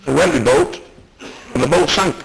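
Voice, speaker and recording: A man doing stand-up, telling jokes in a deadpan way with constant "he said" tags. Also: on the high side, moderate pace, vocal fry. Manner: deadpan joke delivery, many he-said tags. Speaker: stand-up comedian. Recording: loud background noise.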